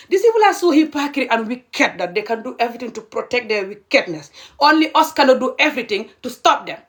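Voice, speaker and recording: A young adult woman from Gambia speaks straight to the camera, heated and indignant. Her voice sits a little high, and she drives each point home with a sharp "okay?". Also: big pitch swings, fast, hardly any pauses. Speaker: video creator. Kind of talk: impassioned social commentary to camera.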